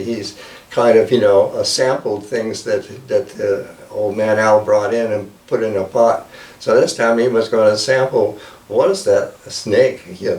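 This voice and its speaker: A man telling a folk tale in a casual, halting way, with many fillers, recorded with a roomy sound from a distance. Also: fairly low pitch, a little mellow. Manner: halting, lots of "you know" and "like that". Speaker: storyteller. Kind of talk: casual oral storytelling.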